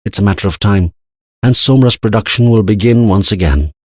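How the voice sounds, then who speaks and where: A man's voice: on the low side, fairly quick, darkish tone, dry recording, pitched above the performer's own voice, natural voice. A man voicing an anxious older male scientist who explains at length in an earnest way. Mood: grave.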